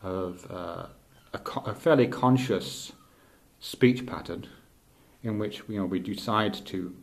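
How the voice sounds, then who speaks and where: A middle-aged male teacher thinking aloud in a halting, reflective way, with many restarts. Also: lowish voice, vocal fry. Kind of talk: unscripted spoken reflection.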